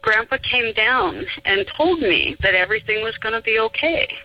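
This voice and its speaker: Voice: mid-range voice, expressive, normal speed, soft background music, voice pushed up, natural voice. A caller voicing a small boy who earnestly reassures his mother, heard over a phone line. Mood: reassuring. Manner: gentle, earnest.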